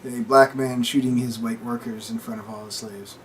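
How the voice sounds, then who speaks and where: A man's voice: mid-range voice, fairly even intonation, normal speed, far from the mic, slight background noise, rough recording. A young man casually summarizing a film's plot in a laid-back way. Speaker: podcast co-host. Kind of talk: casual movie review chat.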